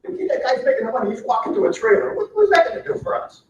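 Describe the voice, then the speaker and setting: A man's voice: very high voice, big pitch swings, very fast. A man giving a seminar lecture on management, punchy and emphatic, often asking the room questions. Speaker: management trainer. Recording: roomy, distant, dull lo-fi sound.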